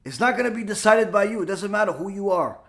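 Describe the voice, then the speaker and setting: A man's voice: sits high, animated, quick pace, vocal fry, a bit bright. A man teaching a Torah class, explaining a Talmud passage with rhetorical questions and repeated key phrases, mixing Hebrew terms into his English.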